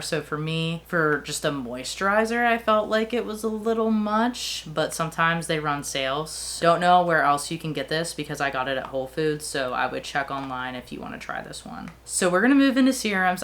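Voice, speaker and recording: A young woman talking casually and quickly, filling her talk with "like" as she reviews beauty products she has used up. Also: deep voice, a bit bright. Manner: chatty, fast-talking with fillers. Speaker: beauty vlogger.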